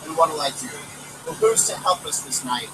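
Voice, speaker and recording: A man reading aloud outdoors, voicing a frightened widow mother who pleads and laments slowly, recorded from a distance with traffic behind. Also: sits low, wildly swooping pitch. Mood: despairing.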